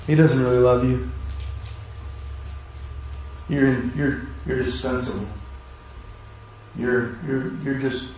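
A man preaching a sermon as pastor, shifting between quiet, intimate asides and rising, urgent calls to his congregation. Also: medium pitch, fairly even intonation, slow pace, pauses often, slight background noise. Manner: swings from hushed asides to rising exhortation. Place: church sanctuary. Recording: very echoey church room.

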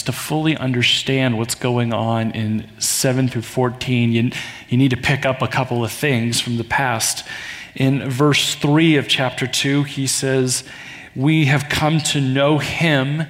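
A man's voice: mid-range voice, fairly bright tone. A man preaching a sermon to his congregation in a conversational way, often building to emphatic rises. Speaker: pastor. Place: church sanctuary. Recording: long hall reverb.

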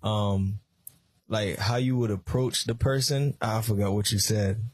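A man co-hosting a casual faith podcast, relaxed, affirming often and sharing personal stories. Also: fairly low pitch, a little slow, breathy edge, no room sound. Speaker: guest co-host.

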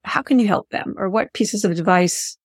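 A woman's voice: medium pitch, normal speed, no echo, studio quality. A woman hosting an interview podcast, chatting in an earnest, effusive way and thinking aloud as she goes. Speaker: podcast host. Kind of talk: reflective interview chat.

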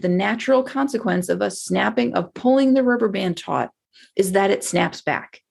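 A woman business coach giving a casual motivational talk, chatty and animated, acting out the anxious voices in people's heads. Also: medium pitch, vocal fry, husky.

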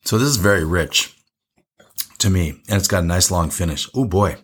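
A man's voice: low voice, normal speed, fairly bright tone, breathy edge. A man co-hosting a casual wine tasting show, chatty and rambling, laughing often.

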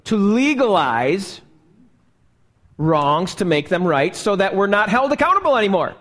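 A male pastor preaches in a high voice at a slow, deliberate pace, putting rhetorical questions to his congregation. His words ring out with a long reverb through the church hall where he was recorded live. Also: big pitch swings, fairly bright tone. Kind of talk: live sermon. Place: church sanctuary.

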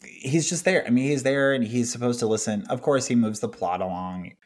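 A man's voice: mid-range voice, brisk, darkish tone. A man co-hosting a podcast, chatting casually about a film in a wry, profane way, often laughing. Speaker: podcast co-host.

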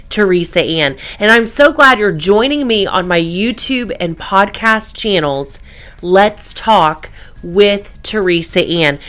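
Chatty woman host telling a story. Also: medium pitch. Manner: chatty, animated, acts out her own reactions. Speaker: host of a faith-based show. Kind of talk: casual storytelling monologue.

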